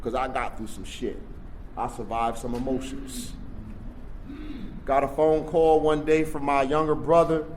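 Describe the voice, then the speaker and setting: A man telling his recovery story at a workshop, in streetwise storytelling that swings from hushed to loud. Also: medium pitch, fairly even intonation, a little slow, long pauses, slight background noise. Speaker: recovery meeting speaker. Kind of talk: personal recovery share at a workshop. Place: convention workshop room.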